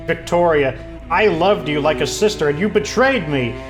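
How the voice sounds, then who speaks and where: A resolute young noblewoman leader speaks in an earnest, firm tone, as a man reads her game lines. The voice sits slightly high, with faint music in the background. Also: lively intonation, normal speed, close to an everyday voice. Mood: accusing. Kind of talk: reading game dialogue aloud.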